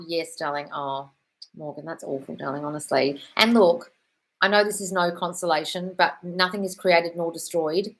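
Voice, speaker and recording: A woman's voice: fairly low pitch, normal speed, poor audio. A woman hosting a live question-and-answer stream, reading out viewer comments and answering them with effusive praise and frank, sometimes sweary advice, calling everyone darling. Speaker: manifestation coach host.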